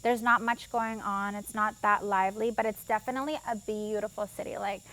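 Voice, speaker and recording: A woman's voice: mid-range voice, fairly even intonation, a little fast, fairly bright tone. A woman in her thirties from Canada, chatting as a podcast guest in a bubbly way, laughing often and saying "like" a lot. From Vancouver, Canada. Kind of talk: casual interview chat.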